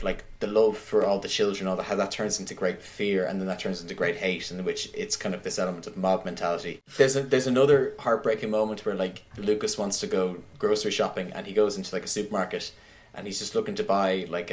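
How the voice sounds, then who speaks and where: A man in casual conversation, retelling a film scene by scene in an animated way, with many "like"s. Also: deep voice. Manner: animated retelling, heavy use of "like". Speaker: podcast guest discussing films.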